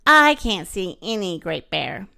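A woman's voice: mid-range voice, very animated, measured pace, creaky, sharp tone, voice pushed down, full character voice. A woman voicing a grumpy, greedy male pet guinea pig in a children's storybook reading, with a sarcastic, grumbling manner.

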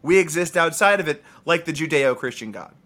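Brief: playful male co-host, bright and animated. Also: on the high side. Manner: playful, quick to riff and joke. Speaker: podcast co-host. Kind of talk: casual podcast chat.

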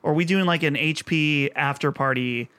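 A man hosting a casual podcast chat, lively and jokey, often slipping into playful impressions. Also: a little high, normal speed, clean tone, no echo. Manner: lively, jokey, mimics others in a put-on friendly voice. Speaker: podcast host.

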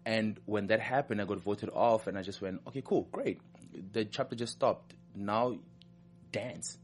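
A man's voice: on the low side, measured pace. A man with a non-American accent, a professional dancer chatting as a guest in an interview, upbeat and emphatic, often repeating himself. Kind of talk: casual interview chat.

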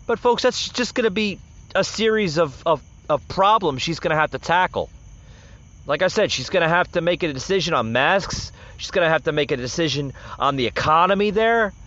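A man's voice: on the high side, expressive, brisk, a bit bright. A man hosting a political podcast, rambling through casual commentary with many filler words and restarts. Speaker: podcast host. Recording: dull lo-fi recording.

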